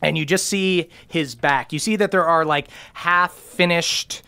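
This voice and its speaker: A man's voice: on the high side, steady tone, a little slow, vocal fry, sharp tone, smooth. Man narrating as game master. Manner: loose, filler-heavy narration.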